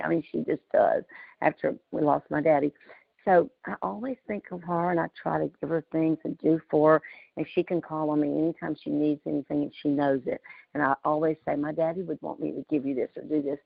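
A woman's voice: low voice, fairly even intonation, a little fast, vocal fry, slightly rough, dry recording. A middle-aged woman, hosting a community call and telling heartfelt personal stories in a folksy, emotional way. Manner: folksy, emotional, often laughing. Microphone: video call. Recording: dull lo-fi call audio.

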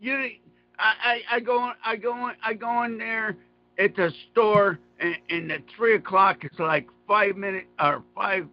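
A man's voice: sits high, fairly even intonation, measured pace, dull audio, soft background music. A man hosting a show, talking in rambling, profane casual banter with stammering restarts. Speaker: podcast host.

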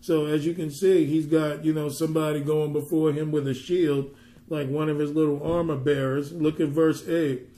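A man's voice: a little high, level tone, moderate pace, mellow, roomy sound. A man ministering, teaching a Bible passage conversationally and pressing his points with emphatic rhetorical questions.

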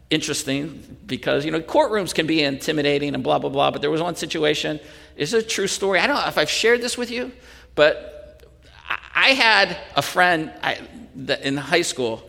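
A man delivers a sermon in an animated, storytelling way, often chuckling and restarting his sentences. His voice sits fairly high, bright and gravelly. It rings out with the long reverb of a hall. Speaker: pastor.

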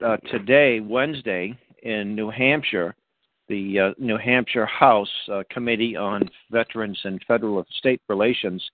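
This is a Boston-raised man hosting a talk radio show, rambling through his announcements with plenty of fillers and restarts. His voice sits in a middle pitch. The sound is dry and narrow, like a phone line. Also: no echo. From Boston, USA.

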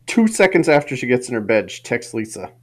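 A man's voice: medium pitch, very animated, fairly quick. A man co-hosting a casual podcast, telling a family anecdote and laughing as he goes. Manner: storytelling, laughing through his own anecdote. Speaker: podcast co-host.

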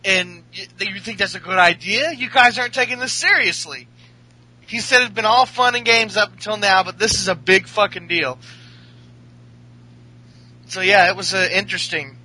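Male co-host, hesitant, very bright tone. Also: sits high, slightly rough, low-quality recording. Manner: hesitant, halting, many fillers. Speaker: podcast co-host. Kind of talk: casual wrestling chat.

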